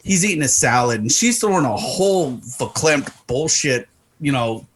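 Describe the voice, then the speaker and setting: A man's voice: mid-range voice, moderate pace, a little hiss or hum. A middle-aged man from Arizona, co-hosting a podcast, telling a story in casual chat and acting out the voices in it. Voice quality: animated, acts out voices in his stories. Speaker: podcast co-host.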